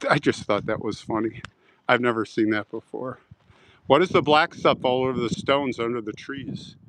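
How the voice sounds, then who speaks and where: A man on a live outdoor stream, chatting casually and joking with his viewers, now and then clearing his throat. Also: medium pitch, a bit bright, a little hiss or hum, low-quality recording. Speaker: vlogger reading live chat. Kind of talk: casual live-stream chat while walking a cemetery. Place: outdoor cemetery.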